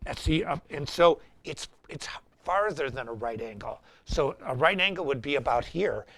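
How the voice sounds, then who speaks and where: A middle-aged man hosting a live-streamed guitar lesson and talking in an animated, rambling, anecdotal way. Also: on the high side, moderate pace. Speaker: guitar teacher and show host.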